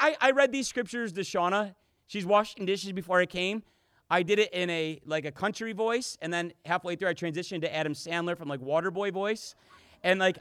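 A pastor giving an impassioned sermon, his delivery swinging between loud, emphatic declarations and hushed, intimate lines. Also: high-pitched, dry recording, studio quality.

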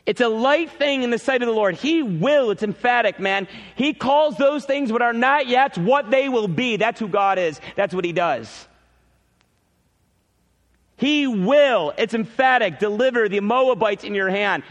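A male pastor preaching a sermon in a church, emphatic, repeating key phrases and swinging between loud peaks and quiet drops. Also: very high voice, animated, normal speed, few pauses, long reverb tail.

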